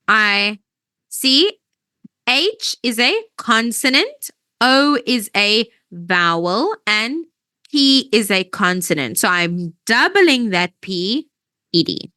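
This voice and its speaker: A woman's voice: fairly high pitch, sharp tone, dry recording. A woman teaching English grammar in an online lesson, explaining patiently step by step and often checking that students follow.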